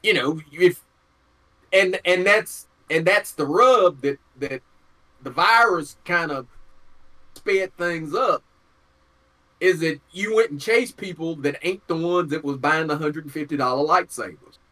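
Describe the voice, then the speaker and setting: A man's voice: a little high, unhurried, pushed and bright. A man co-hosting a podcast in casual chat, talking bluntly and heatedly with plenty of swearing. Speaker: podcast co-host.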